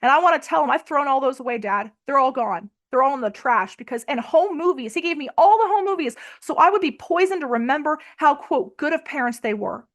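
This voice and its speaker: A woman's voice: sits high, animated, brisk, hardly any pauses, a bit bright. A young adult woman giving emotional personal testimony in an interview, tearful, urgent and emphatic. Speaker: interview guest.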